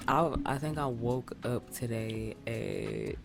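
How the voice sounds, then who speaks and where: Brief: woman podcast co-host, very deep and gravelly, congested nasal tone, rambling casual chat. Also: huge pitch swings, takes it slowly, over music. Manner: rambling, restarts often. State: stuffy nasal voice from a cold.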